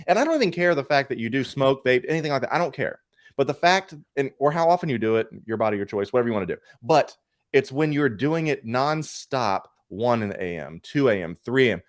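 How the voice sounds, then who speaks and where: Tired man telling a lively story. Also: mid-range voice, dry recording, studio quality. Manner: animated storytelling, swearing freely. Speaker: co-host of a collecting show. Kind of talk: casual podcast chat.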